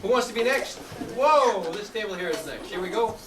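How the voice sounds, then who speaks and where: A man's voice: high voice, animated, a little fast, crowd noise. Brief: middle-aged male youth instructor, encouraging, heard from far off in an echoey, noisy room. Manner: upbeat, encouraging, calls out to students. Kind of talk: classroom coaching. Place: large room with student tables.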